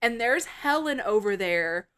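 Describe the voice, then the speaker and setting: A woman co-hosting a casual film review podcast, retelling scenes in a blunt, profane, animated way. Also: on the high side, a little slow, smooth. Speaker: podcast co-host.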